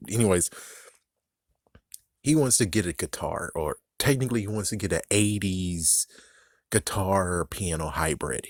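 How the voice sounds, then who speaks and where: A man's voice: low voice, dry recording, studio quality. A man giving a casual spoken review of a TV episode, rambling through "it's like" asides and chuckling often.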